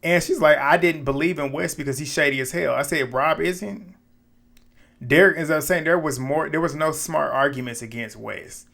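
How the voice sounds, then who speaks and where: A man with a slightly high voice talks through a reality show episode in a loose, conversational way. He acts out the lines he quotes and drops his own quoted reactions in between, keeping the retelling lively. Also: normal speed, vocal fry. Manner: animated, retells scenes with quoted asides and laughs. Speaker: recap commentator. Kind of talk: casual reality show recap.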